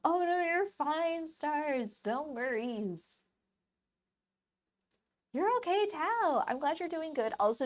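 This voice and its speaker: A woman with a high, light voice chats with her live-stream viewers as she paints. Her talk is soft, relaxed and casual, full of little asides. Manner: soft-spoken, chatty, relaxed. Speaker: live-stream artist host.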